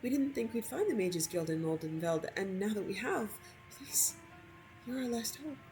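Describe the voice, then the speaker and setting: A woman's voice: sits high, normal speed, soft background music, voice pushed up, natural voice. A desperate young mother, as a woman reads her, pleading in a raised, shaky voice. She sounds close to tears throughout.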